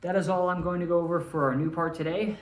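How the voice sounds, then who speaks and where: A man's voice: fairly high pitch, fairly even intonation, quick pace, slight background noise. A man teaching a recorded lesson to students in a friendly way, often checking in with "all right?". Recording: roomy, mic at a distance.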